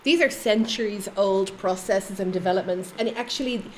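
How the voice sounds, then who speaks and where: Female guest, middle-aged, mid-range voice; calm explanatory delivery. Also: medium pitch, moderate pace, slight background noise. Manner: steady, explanatory. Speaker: anti-racism trainer, guest. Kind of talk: measured discussion.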